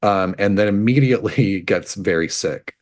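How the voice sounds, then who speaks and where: A man's voice: fairly low pitch, normal speed. A man co-hosting a podcast, casually recapping a game's story with frequent laughs and lots of "like". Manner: chatty, laughs often, filler "like". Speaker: podcast co-host. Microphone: podcast microphone.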